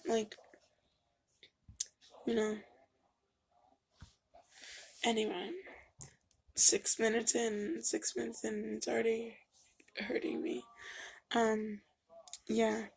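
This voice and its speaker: Girl vlogging at home, rough gravelly voice, kinda husky, rambly and emotional, super flat delivery. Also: on the high side. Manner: rambling, filler-heavy, emotional. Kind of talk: casual confessional vlog. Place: home room.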